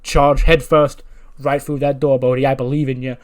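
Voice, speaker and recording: A man's voice: medium pitch, moderate pace, darkish tone, close to an everyday voice. A man voicing a flustered, exasperated male professor who leads his students in a comic game story. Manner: dramatic, exasperated.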